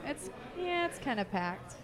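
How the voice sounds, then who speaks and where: A woman's voice: high voice, very animated, unhurried. Bubbly Midwestern woman on a busy patio. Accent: Upper Midwest American. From Wisconsin, United States. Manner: bubbly, playfully bossy. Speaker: podcast co-host. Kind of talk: casual chat. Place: outdoor patio of a comedy club. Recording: outdoor patio with crowd chatter. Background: crowd chatter.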